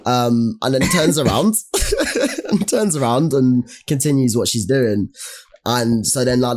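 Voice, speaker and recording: A young man, co-hosting a podcast and telling a story in casual, animated chat full of slang. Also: medium pitch, a little slow. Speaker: podcast co-host.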